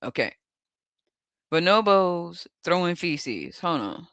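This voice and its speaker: Mocking, animated host, cursing freely. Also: medium pitch, slow pace, no echo. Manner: mocking, laughs often, coarse slang. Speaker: tarot channel host. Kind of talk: profane mocking commentary over images.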